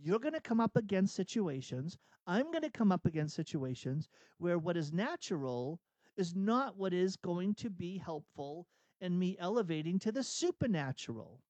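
A man's voice: high-pitched, very animated, moderate pace, darkish tone, no echo. A man hosting a Catholic radio talk, speaking earnestly and acting out inner dialogue as he preaches. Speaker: radio host and executive coach.

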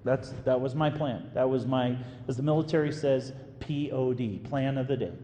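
A man's voice: medium pitch, normal speed, slight background noise. Man preaching in an echoey hall. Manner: animated storyteller, acts out quoted voices. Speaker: priest. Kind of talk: sermon storytelling. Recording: echoey hall with faint room ambience.

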